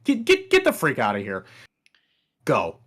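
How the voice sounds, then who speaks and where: Animated man host laying down rules. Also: mid-range voice, unhurried. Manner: animated, firm moderator. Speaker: show host. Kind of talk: talk-show host address.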